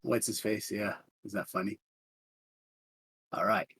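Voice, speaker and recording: A man's voice: lowish voice, little pitch movement, a little slow, fairly bright tone, slightly rough. A man narrating as game master of a tabletop game, rambling with many fillers.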